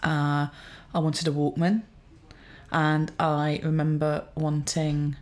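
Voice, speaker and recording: A woman's voice: sits low, little pitch movement, slow, a little mellow. A woman in her forties telling rambling, self-amused stories in a casual chat.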